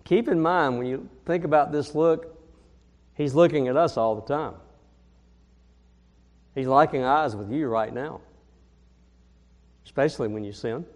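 Slow, earnest preaching man in a hall. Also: mid-range voice, a little mellow. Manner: earnest preaching, slowing on key phrases. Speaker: pastor. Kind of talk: sermon.

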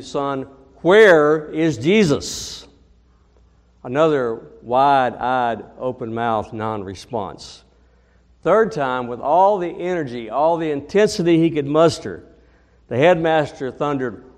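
A man preaching a sermon, telling a story and reading scripture in a deliberate way, rising to booming emphasis at key points. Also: darkish tone. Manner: slow, deliberate, builds to booming emphasis in stories. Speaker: pastor. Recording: long reverb of a large hall.

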